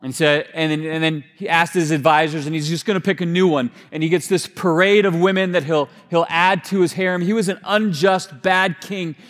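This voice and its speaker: High-voiced man preaching in a reverberant hall. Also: steady tone, fairly quick, hardly any pauses. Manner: storytelling, drops to a hushed voice for emphasis; conversational, with frequent fillers and restarts. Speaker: pastor. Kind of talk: sermon. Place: church sanctuary.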